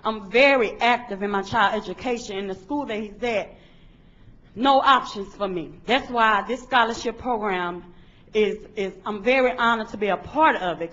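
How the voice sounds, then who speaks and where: A woman's voice: mid-range voice, a bit bright. A woman, a parent speaking plainly and earnestly in public testimony at a board meeting. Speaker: parent giving public comment. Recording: dull lo-fi meeting recording.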